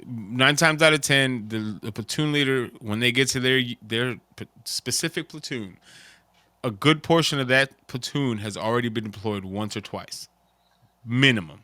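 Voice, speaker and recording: A man's voice: mid-range voice, normal speed, sharp tone, no echo. A man who served in the Army, co-hosting a casual chat in an emphatic, slangy way. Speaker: podcast co-host, Army veteran.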